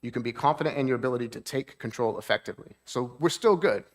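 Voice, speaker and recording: A man's voice: medium pitch, fast talker. A man, a therapist, giving a talk at a church seminar. He explains things plainly, keeps checking in with the audience, and lifts his voice to act out moods.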